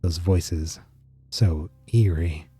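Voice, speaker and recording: A man streaming a game, narrating it with dry, deadpan, wry asides. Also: low voice, drawn-out words, husky, faint music behind.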